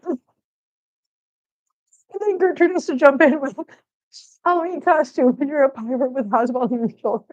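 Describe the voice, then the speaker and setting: A chatty woman from Missouri talks casually into a laptop microphone at home. She rambles between topics and slips into soft baby talk for her cats. The audio is slightly dull. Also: sits high, normal speed, long pauses. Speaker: cat channel host. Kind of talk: casual livestream chat.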